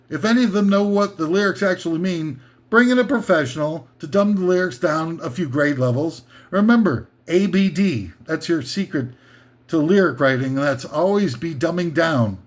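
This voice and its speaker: A man hosting a comedy list show, delivering a rambling sarcastic rant full of "you know" and "uh" fillers. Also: fairly high pitch.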